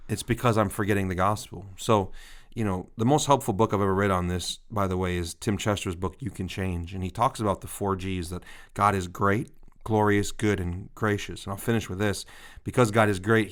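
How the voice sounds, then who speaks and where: A man in his thirties co-hosting a ministry podcast, telling a story with a lot of laughter at himself. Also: on the low side. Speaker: podcast co-host. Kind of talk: casual ministry podcast chat.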